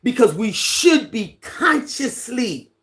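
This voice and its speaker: Relaxed livestream host chatting with viewers. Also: mid-range voice. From has lived on a Caribbean island for ten years. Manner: relaxed, unhurried, greets and reads out viewer comments. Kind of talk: casual livestream chat. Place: at home, indoors, near a fan.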